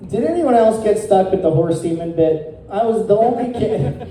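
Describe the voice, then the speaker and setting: A male stand-up comedian doing a crude deadpan set, chuckling at his own jokes. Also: sits high, normal speed, slight background noise. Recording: echoey room, picked up from a distance.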